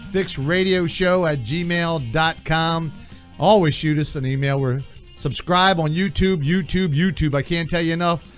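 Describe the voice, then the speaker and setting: A man hosts a casual radio talk show with a brash, joking patter. His voice sits a little high for a man. Faint music plays underneath him.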